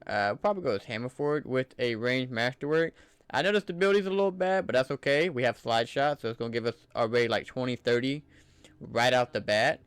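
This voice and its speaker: A man's voice: medium pitch, quick pace, clean tone, dry recording. A man giving casual, enthusiastic commentary over gameplay footage in a loose, conversational way. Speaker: gaming channel creator.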